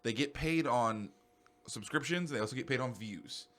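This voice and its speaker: Young male podcast co-host, casual, excitable rambler, mid-pitched, swears a lot. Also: moderate pace.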